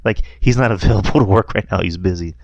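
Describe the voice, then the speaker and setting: Deep-voiced man chatting about movies. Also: a little fast, darkish tone, no echo, lo-fi sound. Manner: rambling, laughs often, quotes lines in a mocking voice. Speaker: podcast host. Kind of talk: casual movie review chat.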